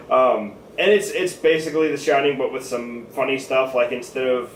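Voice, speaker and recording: A man chatting casually as a co-host, wandering through his thoughts with plenty of ums and restarts. His voice sits at an ordinary pitch. He sounds a little distant from the mic, in a roomy space with faint background noise. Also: fairly even intonation, measured pace, long pauses. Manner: rambling, many fillers and restarts. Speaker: podcast co-host. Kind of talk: casual chat.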